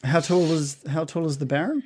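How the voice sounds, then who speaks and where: A man's voice: a little high, fairly quick, a little mellow, husky. A young man narrating as game master of a tabletop game, casual and loose, often chuckling.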